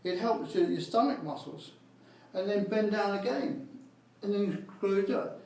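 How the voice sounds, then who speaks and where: A man's voice: sits high, normal speed, a little mellow. A man giving informal exercise instructions in a plain, rambling way and counting repetitions aloud as he exercises. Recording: echoey room, mic at a distance.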